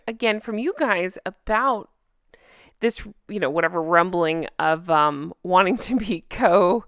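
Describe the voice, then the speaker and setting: A woman's voice: lowish voice, expressive, unhurried, a bit bright, dry recording, studio quality. A woman hosting a reaction video, reading comments aloud and mocking them with frequent laughter and questions to her viewers. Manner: mocking and sarcastic, often laughing; asks viewers direct questions. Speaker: channel host reacting to online comments.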